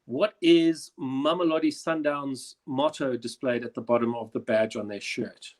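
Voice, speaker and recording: A young South African man hosting a comedy quiz over a video call, chatty and animated as he tells stories. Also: medium pitch, moderate pace. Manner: chatty, animated anecdote-telling. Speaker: quiz host. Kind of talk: casual quiz hosting and storytelling.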